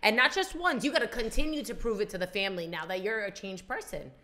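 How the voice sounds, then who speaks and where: A woman's voice: medium pitch, fast talker, sharp tone. A woman co-hosting a podcast, chatting casually and emphatically, swearing freely. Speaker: podcast co-host. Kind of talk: casual chat.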